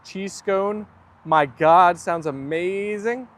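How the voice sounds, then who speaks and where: Give me a high-voiced young man, chatting casually with his livestream viewers. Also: slow pace, fairly bright tone. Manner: chatty, rambling, reads comments aloud. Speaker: livestream host. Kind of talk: casual live chat reading viewer comments.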